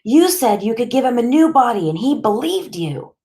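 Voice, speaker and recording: A woman's voice: sits low, moderate pace, close to an everyday voice. A woman voicing a distraught, big teenage boy in an audiobook, raw and pleading in tone. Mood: accusing. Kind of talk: audiobook character dialogue.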